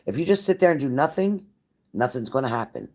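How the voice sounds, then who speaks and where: A woman tarot reader gives a live reading to viewers, blunt and profane, in a pep-talk style that repeats phrases for emphasis. Her bass voice is sing-song, brisk, and a little mellow.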